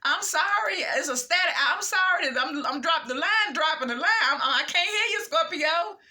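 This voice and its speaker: A woman's voice: very high voice, animated, normal speed, pushed and bright, pitched above the performer's own voice, heavily acted. A woman voicing the universe as a flustered caller who pretends the line is breaking up. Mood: mock flustered. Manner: fake apologetic, pretending a bad line.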